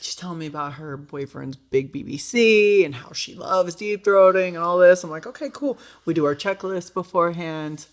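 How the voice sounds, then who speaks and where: A woman's voice: on the low side, normal speed, few pauses. Brash, foul-mouthed woman telling stories. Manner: brash, profane storytelling with acted quotes. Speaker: podcast guest. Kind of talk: casual podcast chat.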